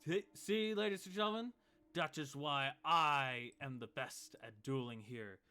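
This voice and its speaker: A man voicing a boastful, bragging male half-orc duelist who laughs loudly at his own prowess. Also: on the high side, unhurried, clear, resonant tone, faint music behind.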